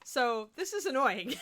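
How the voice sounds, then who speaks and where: Young woman host, casual and chatty, a bit tired, with an animated, lively delivery. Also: mid-range voice. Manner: chatty, laughing, talks to her dog between remarks. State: sleepy after a broken night. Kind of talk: casual livestream chat while painting miniatures.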